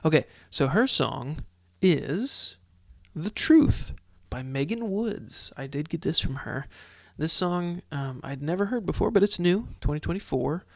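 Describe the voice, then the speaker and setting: A man's voice: a little high, animated, measured pace, no echo, clean studio sound. A man hosting a solo Bible study podcast, chatty and heartfelt, thinking aloud as he goes. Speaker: podcast host.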